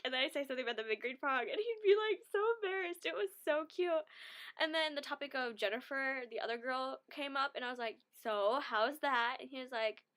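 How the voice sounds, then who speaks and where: Young woman, slightly high voice, chatty, giggly, casual storytelling. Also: a bit bright. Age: young adult.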